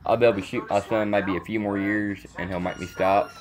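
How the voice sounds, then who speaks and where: A man's voice: fairly low pitch, steady tone, a little fast, noisy background. A man in his thirties, a vlogger talking to camera in a blunt, rambling way, repeating himself. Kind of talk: casual rambling monologue to camera.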